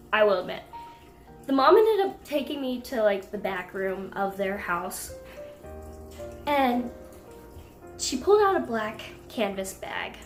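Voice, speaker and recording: A young woman telling a pet rescue story to camera in a casual, animated way, breaking into indignant outbursts. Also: a little high. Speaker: pet vlogger. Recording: echoey room with faint music.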